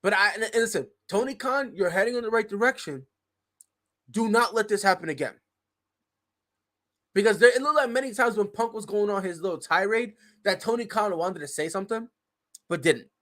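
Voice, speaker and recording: A man's voice: sits high, brisk, a bit bright. A man co-hosting a sports betting show, ranting heatedly and cursing about wrestling drama. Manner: profane, fired-up ranting. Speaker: co-host. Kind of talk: heated podcast rant.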